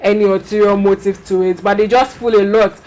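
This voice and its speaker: A woman's voice: medium pitch, steady tone, brisk, a little mellow. A young woman hosting a casual chat show, telling stories animatedly and acting out the messages she gets. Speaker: host.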